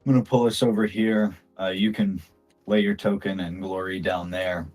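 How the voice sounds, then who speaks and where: A man's voice: low-pitched, little pitch movement, moderate pace, darkish tone, faint music behind. A man narrating as game master in a loose, laid-back way. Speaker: dungeon master.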